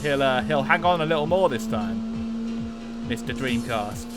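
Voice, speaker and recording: A man's voice: a little high, expressive, unhurried, over loud music. A man putting on a jokey Cockney accent while streaming a racing game, with hammy, boisterous banter. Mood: cheeky. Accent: put-on Cockney.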